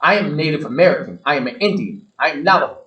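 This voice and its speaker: A man's voice: fairly high pitch, animated, fast, highs cut off. A man hosting his own show, delivering a blunt, emphatic rant straight at his listeners and hammering his points with repetition. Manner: preachy, addresses listeners directly. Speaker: show host. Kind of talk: ranting monologue to the audience.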